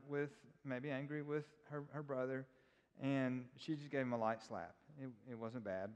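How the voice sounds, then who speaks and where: Man teaching in a reverberant church hall. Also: mid-range voice. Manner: conversational, quizzes the audience. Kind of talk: informal teaching talk with personal stories.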